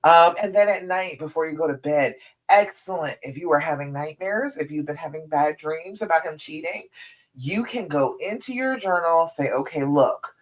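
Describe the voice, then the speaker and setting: Woman coach, lowish voice, encouraging, counts breaths aloud, live-stream coaching. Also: lively intonation, normal speed. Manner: addresses listeners directly as ladies and girl. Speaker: relationship coach.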